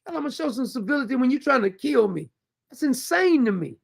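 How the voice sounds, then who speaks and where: A gravelly-voiced man hosts his own show in an angry political rant. He is blunt, heated and profane, and he hammers each point home like a preacher. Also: very high voice, animated, fast talker. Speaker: show host.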